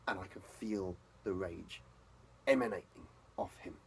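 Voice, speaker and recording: A man speaking an in-character role-play journal as a vampire, intense and profane, often dropping to a hushed whisper. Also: low voice, a little slow, vocal fry, slight background noise, low-quality recording. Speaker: tabletop role-player.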